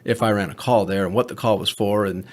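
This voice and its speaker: A man's voice: fairly low pitch, steady tone, fast. A man who is a paramedic, telling candid stories in a podcast conversation, blunt and profane. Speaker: paramedic co-host.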